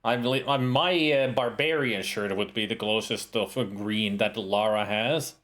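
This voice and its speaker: A man's voice: on the low side, moderate pace. A man streaming a retro adventure game, chatting and joking casually as he plays. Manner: chatty, animated, jokey. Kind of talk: casual let's-play commentary.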